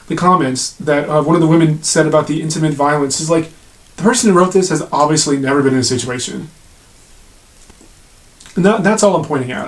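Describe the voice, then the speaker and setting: Man, fairly high voice, sarcastic video rant, blunt and profane. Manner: sarcastic, blunt, swears freely. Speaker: video commentator. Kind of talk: ranting commentary to camera.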